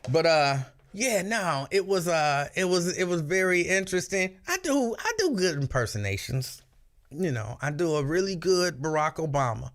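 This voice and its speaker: A man hosting a radio show, telling stories in casual chat and slipping into shrill impressions. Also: moderate pace. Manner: animated storyteller, breaks into shrill yelling impressions.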